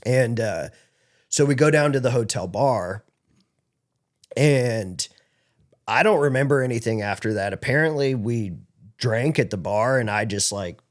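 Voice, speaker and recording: A man's voice: medium pitch, lively intonation, unhurried, pauses often. A man guesting on a podcast, telling a long story in a rambling, casual way, with lots of filler words and swearing, on a studio microphone.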